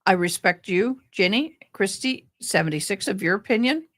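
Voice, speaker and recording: A tired, grieving woman hosting a casual livestream chat, talking slowly with frequent pauses and ums. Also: mid-range voice, lively intonation, a bit bright. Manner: slow, meandering, with frequent ums. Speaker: livestream host.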